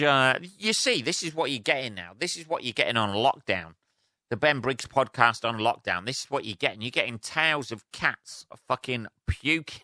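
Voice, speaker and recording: Male podcast host, bright crisp voice, dry close mic, sweary rambling monologue. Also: medium pitch, no room sound. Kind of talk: casual solo podcast rant.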